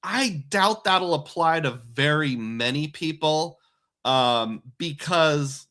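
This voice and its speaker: Guy on a live stream, bright kinda highish voice, breaks down the math one step at a time. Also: expressive, slow. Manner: methodical, walking through numbers step by step. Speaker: host. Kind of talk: livestream explainer on credit card points.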